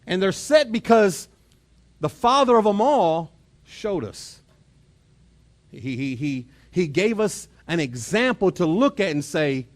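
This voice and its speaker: Chatty Texan pastor with a lively sermon. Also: male voice, high voice, takes it slowly. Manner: conversational, repeats words while revving up; chuckles and mimics family exchanges. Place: church auditorium.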